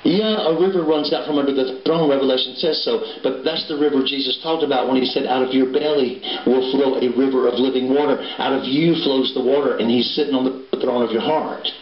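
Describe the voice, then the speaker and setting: A man's voice: mid-range voice, fairly even intonation, brisk, few pauses. A man preaching a sermon, folksy and full of storytelling. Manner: folksy, storytelling preacher with a Southern turn of phrase. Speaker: pastor. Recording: roomy, dull livestream recording with hiss.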